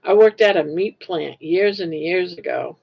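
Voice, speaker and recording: A woman's voice: lowish voice, expressive, a little slow, gravelly, slightly rough. An older woman host chatting casually with livestream viewers while crocheting, rambling and laughing easily. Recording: lo-fi livestream audio.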